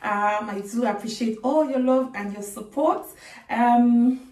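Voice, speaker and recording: A woman's voice: a little high, a little slow, darkish tone, far from the mic. A woman from Nigeria chatting casually to her viewers as a vlogger, laughing often and telling stories with animation. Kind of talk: casual chat to camera. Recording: echoey room, faint music, off-mic.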